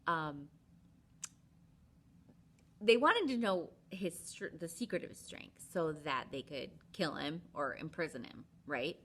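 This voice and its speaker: A woman's voice: low-pitched, slow pace, breathy edge. A woman Sunday school teacher retelling a Bible story to children in a chatty, casual way, full of "like" and "um". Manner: chatty, animated, lots of "like" and "um".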